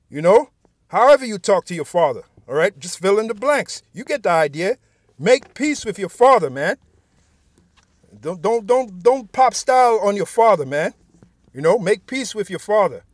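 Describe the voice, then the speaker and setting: A man's voice: high voice, no echo. A man giving an informal sermon, reading scripture aloud and speaking bluntly and profanely, often tacking "man" onto his sentences. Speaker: preacher.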